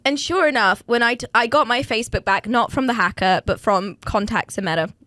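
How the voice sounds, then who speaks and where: A woman's voice: fairly high pitch, a little fast, no room sound. A woman co-hosting a casual podcast, telling a story with lots of laughter and acted-out quotes. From Brazil. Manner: animated storyteller, acts out quotes, laughs often. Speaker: podcast co-host. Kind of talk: casual chat.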